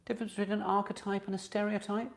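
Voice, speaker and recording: A man's voice: high-pitched, flat delivery, fast, creaky. A man hosting a live online pub quiz, chatting with viewers and reading out each question twice. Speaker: quiz host.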